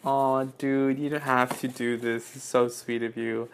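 A young man in his twenties opening fan mail in a casual home vlog, excitable and swearing often, jumping into high squeals when delighted. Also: a little slow, creaky, smooth. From United States. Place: indoors at home, apartment.

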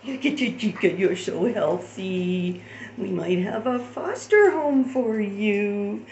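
A woman filming her dogs at home, chatting and using high sing-song baby talk with them. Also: animated, unhurried. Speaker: dog owner filming her pets. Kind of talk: casual chat to dogs. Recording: echoey room with loud background noise.

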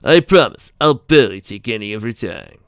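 A man voicing a charming male pony who poses as a reporter, speaking loudly and eagerly in a read-aloud pony story. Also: mid-range voice, lively intonation, normal speed, no echo, studio quality, lightly acted. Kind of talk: fan fiction read aloud.

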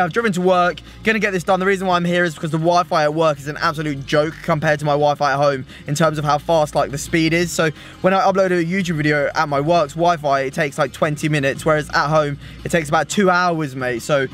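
A man's voice: fairly high pitch, a bit bright. A young British man with an English accent vlogging casually to camera, slangy and sweary, tagging "mate" onto his sentences. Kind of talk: casual vlog talk to camera. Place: at home, then by car and outdoors.

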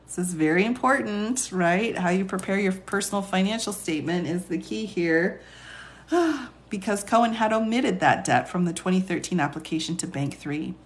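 A woman with a raspy voice and a Texas accent, an attorney on a live stream who reads legal text aloud and chats with viewers between passages, laughing often. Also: mid-range voice, expressive, normal speed. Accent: Texan. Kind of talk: casual live-stream reading and commentary.

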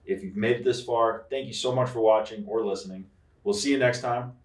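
A man hosts a casual podcast chat, his voice sitting on the low side. He asks questions loosely and easily, and he is picked up from a distance in an echoey room. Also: fairly quick. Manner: relaxed, chatty questioning. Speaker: podcast host. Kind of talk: casual interview talk. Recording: roomy, distant mic.

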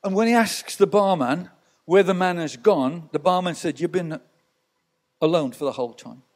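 A man's voice: high voice, normal speed. A male pastor preaching a sermon in church, telling stories with rhetorical asides to the congregation.

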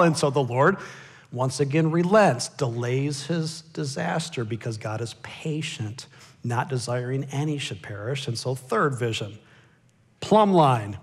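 An American man preaching a sermon, swinging from loud pleading cries to hushed asides. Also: a little high, lively intonation, normal speed. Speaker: pastor. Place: church sanctuary.

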